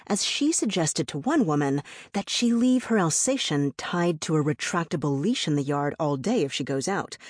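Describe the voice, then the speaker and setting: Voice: mid-range voice, darkish tone, no echo. A narrator reading a personal essay as an audiobook, telling it in a wry, reflective way with dry humor. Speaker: memoir narrator.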